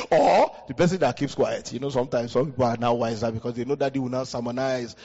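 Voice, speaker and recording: A pastor with a West African accent preaching a sermon into a handheld mic, leaping up in pitch for emphasis. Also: male voice, a little fast. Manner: animated preaching, jumps high in pitch for emphasis. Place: church hall. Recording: dull hall recording with long reverb.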